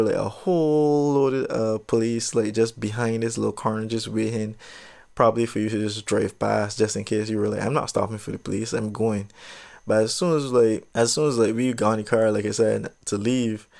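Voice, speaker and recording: Gravelly low-voiced young man rambling. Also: steady tone, normal speed, a little mellow. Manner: rambling, digressive, laid-back. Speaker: storyteller. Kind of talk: casual storytime.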